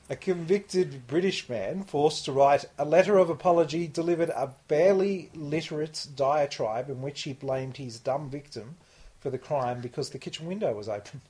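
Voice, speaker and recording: Aussie guy reading out news on a podcast, kinda high voice, keeps laughing. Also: normal speed, dark tone, slightly rough. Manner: jokey, laughs often while reading. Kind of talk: casual chat, reading news aloud.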